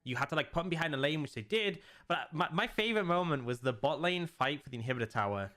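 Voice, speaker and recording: A man casting esports, chatting through analysis in an animated way and acting out his own reactions. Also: fairly high pitch, quick pace. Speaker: esports caster.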